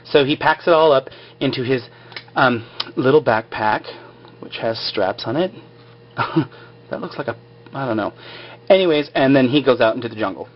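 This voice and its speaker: A man's voice: medium pitch, animated, normal speed, long pauses, dull audio. A man casually recapping a show over his drawings, rambling and filler-heavy.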